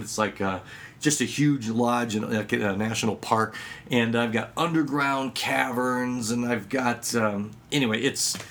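An animated children's ministry worker, who is also a magician, shares tips for kids' ministry in an instructional talk with anecdotes. He's a lively storyteller, acting out dialogue with sudden jumps in pitch.

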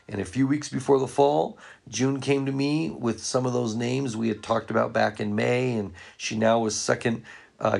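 A man's voice: medium pitch, vocal fry, a little mellow. A man who leads church ministry, telling earnest stories to fellow ministry workers. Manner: earnest anecdotal storytelling. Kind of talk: storytelling talk to ministry workers.

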